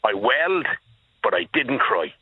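Calling in from Dublin, this caller in his sixties recounts a tale to the radio host, whom he addresses by name, with plenty of emphasis. He speaks a little slowly in a mid-range, very animated voice with a breathy edge; the recording is dry but comes over a tinny phone line.

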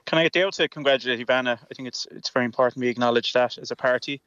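An Irish man speaks at a brisk clip as a politician on a radio panel. He is earnest and stumbles over repeated words as he begins a point. The sound is dry and a little muffled, as if it comes down a remote line. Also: mid-range voice, fairly bright tone, smooth, dry recording. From Ireland. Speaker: politician guest. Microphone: remote call.

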